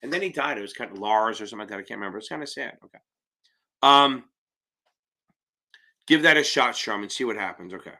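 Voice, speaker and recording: A man's voice: fairly low pitch, lively intonation, quick pace, long pauses, sharp tone. A man running a live-stream Q&A as an exam prep tutor, talking bluntly, rambling and swearing casually as he answers viewers.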